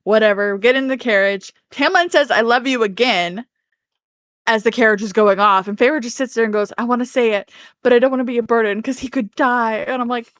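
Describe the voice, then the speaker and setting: A woman's voice: on the high side, brisk, clear, resonant tone, no echo. Woman, podcast co-host, casual book recap, acts out character lines, dry close sound. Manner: animated storytelling, acting out characters' lines with laughs.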